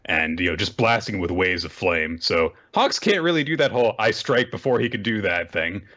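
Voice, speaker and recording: A man's voice: on the low side, normal speed, lo-fi sound. A man co-hosting a casual chat, animatedly retelling scenes and acting out the quoted lines. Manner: animated storyteller who acts out quoted lines. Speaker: podcast co-host recapping manga.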